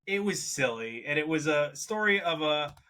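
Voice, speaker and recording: A man co-hosting a podcast, giving casual reviews with frequent laughs and lively asides. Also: on the high side, normal speed. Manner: animated, laughs often, mocks accents in quotes. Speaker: podcast co-host.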